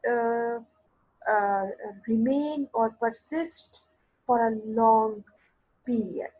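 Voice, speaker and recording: Husky woman teaching an online class. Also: fairly high pitch, darkish tone, highs cut off. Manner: explains slowly, mixes Urdu into English, asks students for replies. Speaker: English literature teacher.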